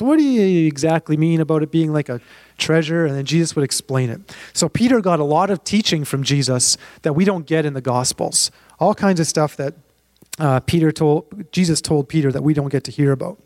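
A man preaching as a pastor, telling the story in a lively, conversational way and acting out the voices of the people in it. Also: on the high side, no room sound. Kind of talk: sermon storytelling.

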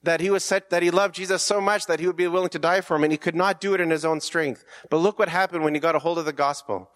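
A man's voice: a little high, fairly even intonation, quick pace, fairly bright tone. A man preaching a conversational sermon, earnest, with rhetorical questions and frequent restarts.

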